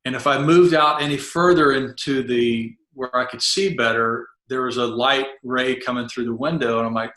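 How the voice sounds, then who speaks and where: A middle-aged former Navy SEAL chief tells a vivid first-person story on a podcast interview, acting out the dialogue. His medium-pitched voice is steady and fairly bright, moving at a moderate pace with few pauses, in an echoey room.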